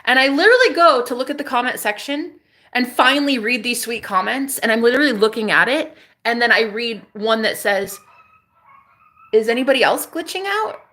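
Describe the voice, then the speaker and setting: A woman's voice: on the high side, a little fast, pushed and bright. Candid, cursing woman vlogger. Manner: candid, profane, emphatic self-talk. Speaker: content creator. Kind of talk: casual vlog monologue.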